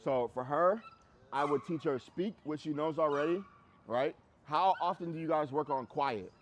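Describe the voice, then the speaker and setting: A man's voice: on the high side, moderate pace, a little hiss or hum. A man teaching a group dog training class, talking bluntly and casually and repeating phrases for emphasis. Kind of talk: group class instruction outdoors.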